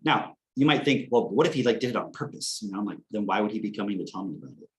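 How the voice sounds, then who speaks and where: A young man on a casual podcast, telling animated stories, acting out quotes and swearing casually. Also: lowish voice, rapid-fire. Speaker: podcast co-host.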